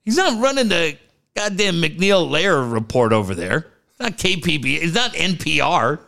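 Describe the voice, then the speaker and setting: Talking at a normal pace with noticeable vocal fry, this man co-hosts a podcast in a loose, foul-mouthed, animated way. He frequently impersonates people with big leaps in pitch.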